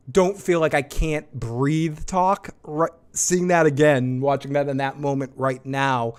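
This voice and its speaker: A man hosting a live TV episode review, talking in an excited, rambling way, repeating himself and swearing now and then. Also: on the high side, clean tone. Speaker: show host.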